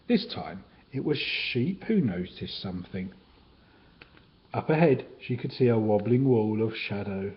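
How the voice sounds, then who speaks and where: A man's voice: fairly low pitch, expressive, unhurried, muffled recording. Man reading a children's book aloud. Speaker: storyteller.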